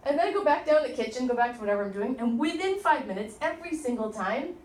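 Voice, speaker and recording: A middle-aged woman teaching an informal workshop, chatty and animated as she tells stories to the group. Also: high-pitched, fast, a little hiss or hum. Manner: chatty, storytelling, animated asides. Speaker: tapping instructor. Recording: echoey room from a distant mic.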